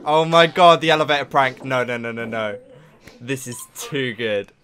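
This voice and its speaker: A man's voice: medium pitch, moderate pace, faint music behind. A young man hosting a reaction video in casual, rambling chat, gasping "oh my god" and filling gaps with "like". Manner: excitable, rambling, full of "like" and "oh my god".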